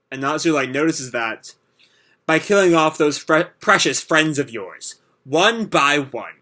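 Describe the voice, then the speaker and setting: A man's voice: a little high, animated, a little slow, sharp tone. A man hosting a manga reaction video, reading the chapter aloud and commenting in a rambling way, full of fillers.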